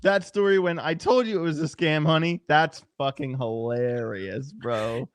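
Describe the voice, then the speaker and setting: A man's voice: on the high side, measured pace, no echo. A young adult man as a podcast guest in casual chat, blunt and laid-back, swearing freely.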